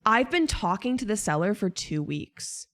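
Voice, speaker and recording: A woman's voice: medium pitch, sing-song, normal speed, fairly bright tone. A young woman streamer venting to her viewers in casual chat, exasperated, swearing and rambling.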